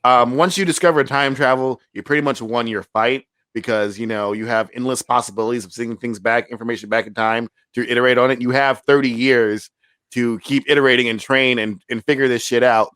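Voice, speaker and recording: A man's voice: medium pitch, fairly even intonation, brisk, a bit bright, smooth, dry recording. Sarcastic man reviewing a movie, dry sound. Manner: exasperated, sarcastic, laughing, swears. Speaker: podcast co-host. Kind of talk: casual movie review chat.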